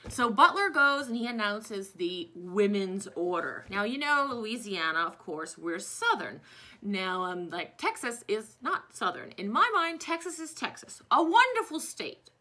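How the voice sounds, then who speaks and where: A woman's voice: medium pitch, sharp tone. A woman in her thirties from New Orleans, teaching a history lesson in a chatty, digressive storytelling way. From New Orleans, USA. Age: 30s.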